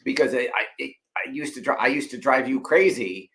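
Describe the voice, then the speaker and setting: Brisk man with a bright voice. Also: mid-range voice, slight background noise. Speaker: host's husband, co-host. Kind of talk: casual chat.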